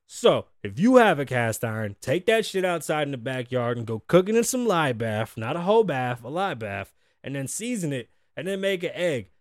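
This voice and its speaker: A man hosting a podcast, talking casually and animatedly, swearing a lot and acting out quotes in loud bursts from a studio. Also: mid-range voice, big pitch swings, moderate pace, dry recording. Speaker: podcast host. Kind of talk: casual profane talk-show rant.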